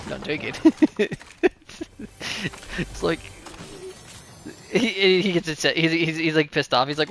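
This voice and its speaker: A man's voice: fairly high pitch, measured pace, creaky, pauses often, sharp tone. A man giving casual, rambling commentary while playing a game, laughing often and mocking himself. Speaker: gamer.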